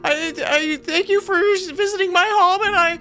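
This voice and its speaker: A man's voice: very high-pitched, normal speed, bright, forceful tone, pitched above the performer's own voice. A man voicing a nervous young male fan who cries and rambles in a frantic rush. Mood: tearful gushing.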